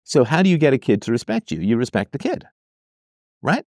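Man, commentary host, mid pitch, argumentative, rhetorical, dry close-miked sound. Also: very animated, brisk, darkish tone, no room sound. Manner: argumentative, rhetorical questions, mocking quoted voices. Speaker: host reacting to a listener's letter.

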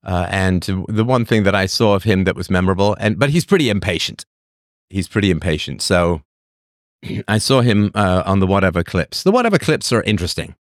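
A man's voice: fairly quick, no echo, clean studio sound. A man hosting a live stream, talking through chat messages in an opinionated way and repeating his points as rhetorical questions. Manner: animated delivery with lively pitch swings. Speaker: livestream host.

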